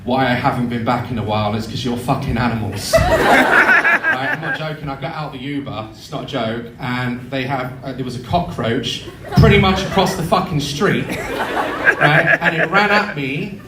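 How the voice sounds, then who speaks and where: A man in his thirties telling sweary, animated comic stories to a live audience in a theatre. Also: medium pitch, moderate pace. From United Kingdom. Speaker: YouTuber on stage. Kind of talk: live comedy storytelling. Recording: echoey hall with crowd noise.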